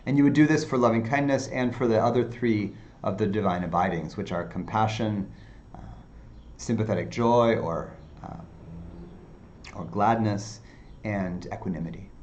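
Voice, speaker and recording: A male meditation teacher giving an unhurried dharma talk, with many fillers and softly repeated phrases. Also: fairly low pitch, highs cut off, slight background noise.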